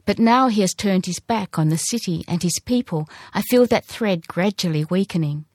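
A woman voicing an ancient male hoopoe wishbird, speaking slowly, solemnly and sorrowfully. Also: fairly low pitch, darkish tone, no echo, clean studio sound, natural voice.

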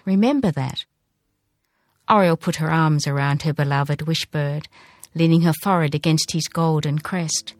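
A woman narrating a storybook with a measured, gentle read. Her voice sits somewhat low. The recording is dry and close, with no room sound. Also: level tone, no echo.

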